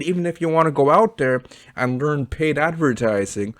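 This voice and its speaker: A Canadian man with a medium-pitched, brisk voice does a casual, blunt screen-share review as an online business reviewer. He's chatty and keeps tagging on "okay" and "right?". The recording is studio quality with no echo.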